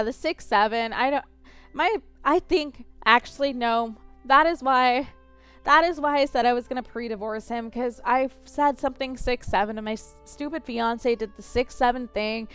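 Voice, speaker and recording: A woman's voice: fairly high pitch, clear, resonant tone. A woman in her twenties chatting casually while playing a game, rambling, counting aloud and poking fun at herself. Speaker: gaming streamer.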